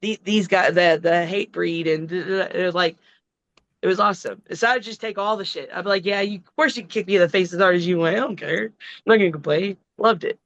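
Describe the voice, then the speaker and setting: A middle-aged woman, a wrestler, telling a long story in a casual, profane, animated way. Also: fairly low pitch, quick pace, dry recording, highs cut off. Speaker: wrestling guest.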